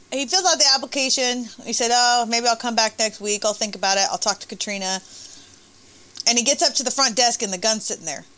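High-pitched woman chatting, tells stories fast and laughs a lot. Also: a little hiss or hum. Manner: animated, laughing storyteller. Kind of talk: casual storytelling chat.

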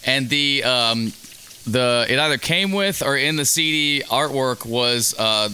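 A man's voice: mid-range voice, unhurried, pushed and bright, a little hiss or hum. A young man on a phone call, recalling a childhood story in a hesitant, rambling way. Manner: hesitant, rambling recollection with fillers. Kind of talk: casual phone chat.

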